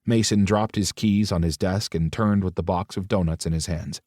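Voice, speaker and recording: Guy reading a romance audiobook, lowish voice, dry close sound, does the character voices. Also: fairly even intonation, moderate pace, mellow, dry recording. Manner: puts on voices for each character in dialogue. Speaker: audiobook narrator. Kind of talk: audiobook narration.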